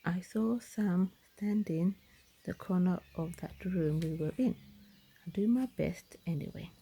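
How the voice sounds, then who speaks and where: A woman whispering an excitable, stammering round-faced man in a storybook whispered role-play. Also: lowish voice, vocal fry, slight background noise. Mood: eager. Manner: halting, stammering.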